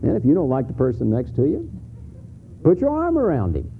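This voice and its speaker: Heard through a phone-quality sermon recording with a faint hiss, this middle-aged pastor speaks briskly in a medium-pitched, creaky voice that swings wildly up and down. His preaching in the church sanctuary is candid and conversational, full of stumbling restarts and emphatic climaxes.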